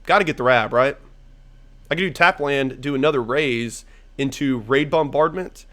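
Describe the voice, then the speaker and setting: A young gaming YouTuber with a medium-pitched, slightly bright voice speaks at normal speed while playing a card game. His commentary is casual and profane, rambling as he thinks aloud.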